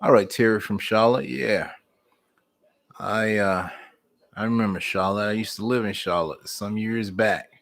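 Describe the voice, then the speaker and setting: A man's voice: fairly low pitch, fairly even intonation, unhurried, vocal fry. A middle-aged man, hosting a live stream and chatting casually with viewers in a folksy, storytelling way. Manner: folksy, storytelling, warm Southern American speech with "y'all".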